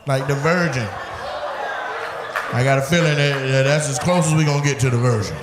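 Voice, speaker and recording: A man doing loud, profane crowd work on a comedy club stage, bantering and laughing with the audience over a handheld mic. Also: medium pitch, fairly quick. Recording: roomy live club sound, loud crowd noise.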